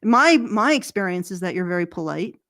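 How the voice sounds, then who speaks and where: A woman's voice: on the low side, very animated, normal speed, fairly bright tone, no room sound. A Canadian woman with a Canadian accent, a regular on a political commentary show, rambling casually and correcting herself as she goes. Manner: rambling, self-correcting, chuckles at own jokes.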